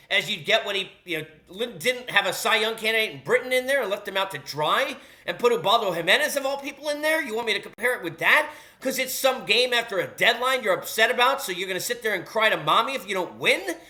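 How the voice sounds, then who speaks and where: Fired-up, high-pitched sports talk host. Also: male voice. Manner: heated, sarcastic, scolding fans; emphatic, animated delivery. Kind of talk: solo sports talk rant.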